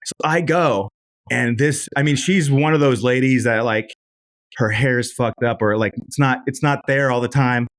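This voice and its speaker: A man at a middle pitch, hosting a podcast and rattling off animated stories laced with swearing. The delivery is loose and conversational, with quick detours along the way. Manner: profane, animated anecdotes. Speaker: podcast host. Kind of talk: casual storytelling.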